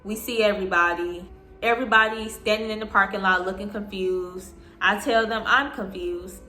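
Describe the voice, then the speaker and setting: A young woman in her twenties telling an animated storytime, acting out what people said. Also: medium pitch, normal speed. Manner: animated, acting out quotes in voices. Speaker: vlogger. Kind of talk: storytime vlog. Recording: echoey room with soft music. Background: soft background music.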